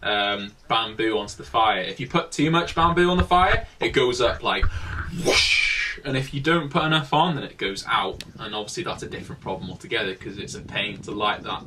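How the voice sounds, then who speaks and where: A man's voice: fairly low pitch, normal speed, far from the mic, slight background noise. A young man casually telling a travel story as a vlogger, rambling with many filler words.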